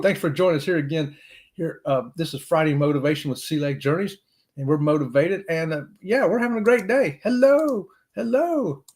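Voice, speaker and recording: A middle-aged man with a slightly high-pitched voice hosts a relaxed live chat. He talks in a folksy, upbeat way and keeps greeting viewers with "y'all.". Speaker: livestream host. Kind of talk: casual live chat reading comments.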